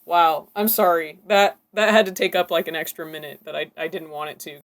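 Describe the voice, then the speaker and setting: A woman's voice: deep voice, steady tone, fairly quick. Profane, giggly woman reacting to clips. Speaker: reaction video host. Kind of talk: casual reaction commentary.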